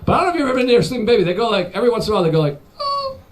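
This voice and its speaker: A man's voice: sits high, lively intonation, rapid-fire, heavy background noise. A man doing stand-up crowd work, rambling loosely and teasing the audience. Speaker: stand-up comedian. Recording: live show with audience laughter. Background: audience laughter.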